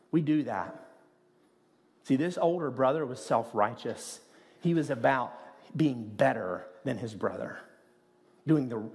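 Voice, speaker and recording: A man's voice: mid-range voice, darkish tone. A man preaching a sermon as pastor, speaking in an earnest, conversational way with rhetorical asides. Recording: long hall reverb.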